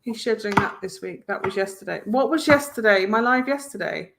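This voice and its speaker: A woman's voice: medium pitch, brisk, vocal fry, background noise. A woman reading cards on a live stream, chatting casually and encouragingly with viewers as she reads out their comments. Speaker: tarot reader hosting a live stream.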